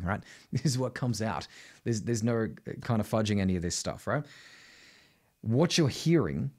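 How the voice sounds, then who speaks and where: A middle-aged man with an Australian accent gives a singing lesson straight to camera. His voice sits a little low, and he talks in an emphatic, blunt way, tagging "right?" onto most of his points. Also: darkish tone. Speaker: singing teacher. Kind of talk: vocal tutorial to camera.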